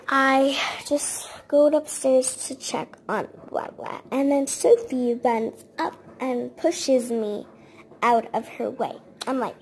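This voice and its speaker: A woman's voice: sits high, darkish tone, poor audio. A woman chattily retelling a babysitting story, acting out the quoted dialogue as she goes. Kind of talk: casual spoken storytime.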